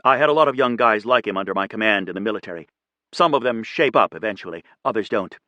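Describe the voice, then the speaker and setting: A man reading a composed female airline captain, quiet and kind but firm. The voice is low and close, with a dry, intimate audiobook sound. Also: expressive, fast talker, no room sound. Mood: calm. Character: calm, steady female airline captain, ex-military.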